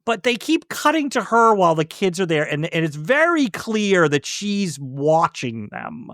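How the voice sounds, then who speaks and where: A man's voice: high voice, no room sound, studio quality. A man co-hosting a film podcast in casual chat, prompting his co-host with questions. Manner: lively, quizzes co-host, quick laughs.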